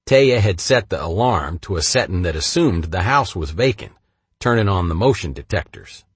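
Male memoir narrator, blunt and cursing, lively pitch, dry close studio sound. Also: husky, dry recording. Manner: blunt and profane, swinging between flat and heated. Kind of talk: first-person audiobook memoir reading.

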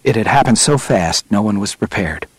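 A man narrating a nonfiction adventure audiobook in a steady, measured storytelling manner. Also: on the low side, slightly rough, no echo.

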